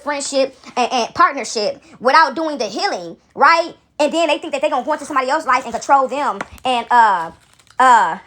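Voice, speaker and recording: A woman telling a personal story to her viewers in a casual, animated way, often calling them y'all and swearing freely. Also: high-pitched. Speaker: storyteller vlogger.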